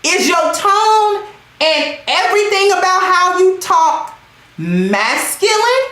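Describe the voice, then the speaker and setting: Loud high-pitched woman hosting a stream. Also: takes it slowly, heavy reverb, poor audio. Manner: emphatic, loud, slangy and animated; reads out and thanks chat commenters. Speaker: livestream host. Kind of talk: loud emphatic livestream commentary.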